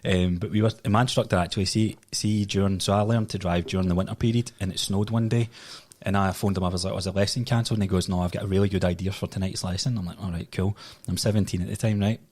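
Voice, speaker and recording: A Scottish man in his late twenties with a fairly low voice, spinning casual stories on a podcast. He laughs easily and swears without a second thought. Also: fairly even intonation, fast, darkish tone. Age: late 20s. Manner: storytelling, laughs often, swears freely. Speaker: podcast guest.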